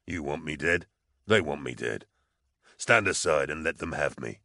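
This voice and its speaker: A placid condemned prisoner, calm and detached, as a male narrator voices him in an audiobook. The voice sits very deep and low in the chest and is softer than the narration around it. It is recorded close and dry. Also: moderate pace, no echo, exaggerated voice. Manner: placid, reasoned, quietly detached.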